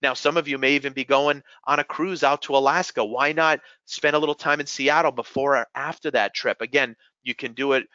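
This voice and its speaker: Presenter, man, New England accent, bright forceful voice, dry slightly dull audio, eager sales pitch. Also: fairly even intonation, brisk, hardly any pauses, clear, resonant tone, no echo. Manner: enthusiastic, upbeat salesman addressing "everyone". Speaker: webinar presenter. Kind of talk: live sales webinar presentation.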